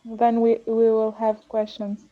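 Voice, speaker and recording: A woman student speaks slowly and hesitantly over a video call, her voice fairly high. Her intonation stays flat, and the call audio sounds muffled and distant.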